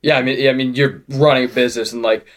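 A man hosting a podcast interview, asking relaxed conversational questions. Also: medium pitch, fast talker. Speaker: podcast host. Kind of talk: casual interview.

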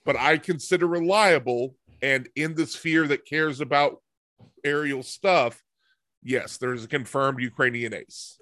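A man's voice: mid-range voice, measured pace, sharp tone, no echo, clean studio sound. A middle-aged man, a podcast co-host, making his points emphatically in casual chat. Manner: emphatic, hedges then asserts.

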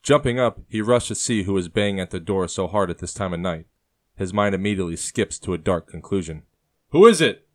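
A man narrating a historical story in a measured, even way. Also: low-pitched. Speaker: audiobook narrator. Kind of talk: scripted narration.

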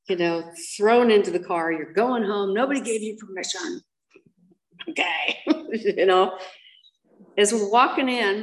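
A woman's voice: fairly low pitch, fairly bright tone, rough recording. An older American woman frankly telling her own life story in an interview, full of ums and acted-out quotes. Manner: blunt, frank, acts out quoted voices, frequent ums. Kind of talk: candid personal storytelling.

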